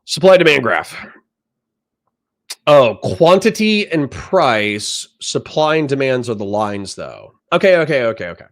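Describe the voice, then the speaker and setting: Man, livestream host, casual profane commentary, middle pitch, dry close sound. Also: big pitch swings, a little slow, a bit bright, no echo. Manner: profane, ranting, talks over clips.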